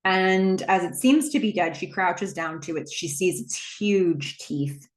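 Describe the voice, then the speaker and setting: A woman's voice: lowish voice, measured pace. A woman retelling a film scene by scene in a casual recap, with the odd filler. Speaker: movie recap host.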